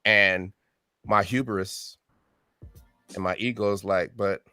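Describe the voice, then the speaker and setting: Low-voiced man telling a story animatedly. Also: takes it slowly, clear, resonant tone, no room sound, faint music behind. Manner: animated storyteller who acts out quoted voices; frequent tag question "right?". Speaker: music artist guest. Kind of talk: storytelling interview.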